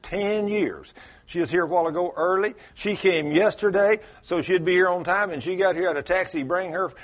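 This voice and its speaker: Here a high-voiced man preaches at a moderate pace in a church sanctuary with the congregation gathered. It's a folksy sermon built on storytelling, Southern turns of phrase, and acted-out quotes, heard through a dull lo-fi church recording.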